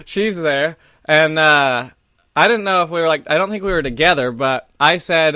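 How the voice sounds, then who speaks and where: A man's voice: a little high, normal speed, sharp tone, no room sound, studio quality. A man co-hosting a comedy podcast, telling rambling, profane stories and laughing often. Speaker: podcast co-host. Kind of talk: casual comedy podcast chat.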